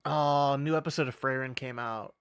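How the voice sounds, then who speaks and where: A man's voice: medium pitch, steady tone, moderate pace, smooth. A male streamer in casual livestream chat, rambling and profane, often breaking into laughter.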